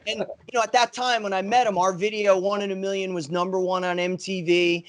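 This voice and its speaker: A man's voice: high voice, flat delivery, brisk. A man in his fifties, a guest musician on a podcast, telling enthusiastic, rambling anecdotes full of "you know". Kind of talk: casual podcast storytelling.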